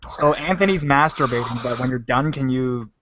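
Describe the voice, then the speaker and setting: A man's voice: medium pitch, normal speed, noisy background. A man hosting a phone-in stream, joking and teasing the callers in casual banter and swearing freely. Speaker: stream host. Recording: dull lo-fi voice chat audio.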